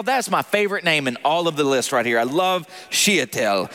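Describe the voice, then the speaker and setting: A Southern US pastor preaching with a high, lively voice that swings up and down as he calls for the congregation's replies. He keeps a bright, forward tone and drops in jokes about himself. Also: moderate pace, hardly any pauses. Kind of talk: sermon.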